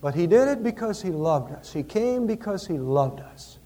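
A man preaching a Christmas sermon in a church, with impassioned rises and hushed storytelling. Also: high-pitched, big pitch swings, normal speed. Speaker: pastor.

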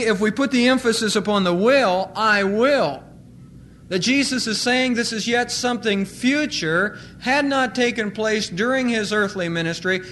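High-voiced man preaching emphatically. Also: fairly bright tone, slight background noise. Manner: emphatic, stressing single words slowly. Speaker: pastor. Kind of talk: sermon.

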